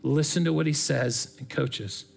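A middle-aged man giving a sermon, earnest and conversational, telling stories from coaching softball. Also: medium pitch, unhurried, creaky. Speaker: pastor.

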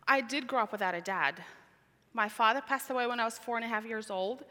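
Bright-voiced woman testifying in a hall. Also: on the high side, a little fast. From Tajikistan. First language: not English. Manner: earnest storytelling, repeats words for emphasis. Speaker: speaker giving testimony. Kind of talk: personal testimony talk. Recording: reverberant large hall.

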